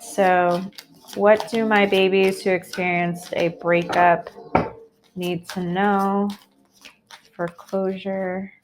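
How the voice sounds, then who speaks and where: An American woman with a medium-pitched voice gives a live tarot reading over a noisy background. She's chatty and upbeat, and her talk is packed with fillers like "um" and "like."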